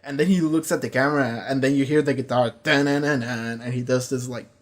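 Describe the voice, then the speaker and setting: A man's voice: medium pitch, steady tone. Man rambling through a casual review. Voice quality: rambling, swears freely. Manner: retells scenes with quick quoted voices. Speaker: show reviewer.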